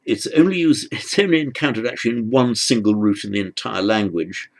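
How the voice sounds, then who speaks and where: A man teaching script letters, talking haltingly as he writes and repeating words as he goes. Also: fairly low pitch. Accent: British. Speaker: language teacher. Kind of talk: handwriting lesson.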